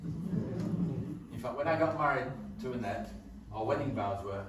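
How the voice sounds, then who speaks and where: A man's voice: mid-range voice, expressive, measured pace, slight background noise, lightly acted. A man playing a cheeky, affectionate grown son in a stage play, full of wisecracks. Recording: echoey hall, far from mic.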